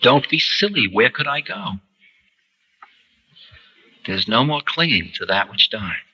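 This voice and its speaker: Man, spiritual teacher, very sharp bright tone, animated storytelling, old recording with long hall reverb. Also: mid-range voice, unhurried, slightly rough, highs cut off. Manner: animated storyteller, acting out quoted voices. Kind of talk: spiritual lecture. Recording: reverberant lecture hall, archival tape.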